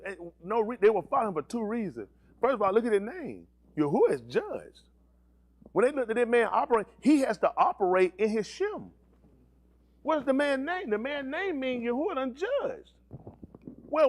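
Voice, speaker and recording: A male pastor preaching a sermon, asking the congregation questions and teasing them in slang. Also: very high-pitched. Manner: animated preaching with call-and-response questions and slang.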